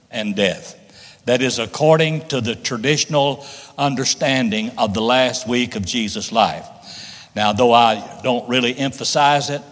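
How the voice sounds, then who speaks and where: A man's voice: mid-range voice, fairly bright tone. A man preaching a sermon, reading scripture aloud and stressing key words with rising emphasis. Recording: long reverb of a large hall.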